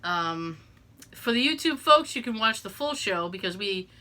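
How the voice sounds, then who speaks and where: A woman's voice: mid-range voice, lively intonation, moderate pace, bright, forceful tone. A woman co-hosting a podcast in casual chat, talking in a rambling way with lots of fillers and restarts. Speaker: podcast co-host.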